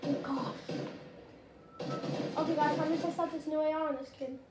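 A woman giving casual, rambling gameplay commentary, getting excitable and shouting at the game. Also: high-pitched, fairly quick, music in the background. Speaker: gaming channel host. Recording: roomy and noisy.

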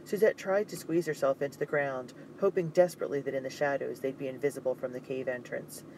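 A man narrating an audiobook in a steady, suspenseful reading. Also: medium pitch, fast, a little hiss or hum, low-quality recording.

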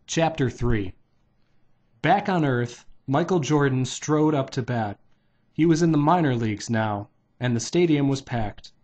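A man's voice: mid-range voice, lively intonation, measured pace, darkish tone. A man casually reading a children's novelization aloud. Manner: plain, unpolished read-aloud. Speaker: reader.

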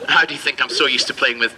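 A man's voice: medium pitch, poor audio. A man performing as a street magician, doing cheeky comedy patter and bantering with the crowd at an outdoor show.

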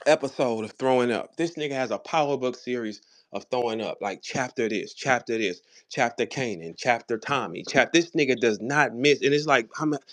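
A man with a St. Louis accent, a battle rapper talking casually in a live audio room, boastful, profane and preachy. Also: mid-range voice. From St. Louis, USA.

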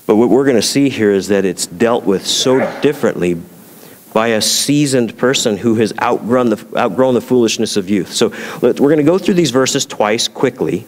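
A man's voice: fairly low pitch, expressive, moderate pace, darkish tone, long reverb tail. A man preaching as a pastor, talking in a conversational way and asking his congregation rhetorical questions. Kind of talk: sermon.

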